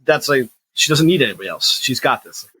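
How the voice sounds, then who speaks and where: A man's voice: medium pitch, expressive, fairly quick, pushed and bright, husky, no room sound, poor audio. A man co-hosting a horror movie podcast, chatting casually and emphatically about a film. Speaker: podcast co-host.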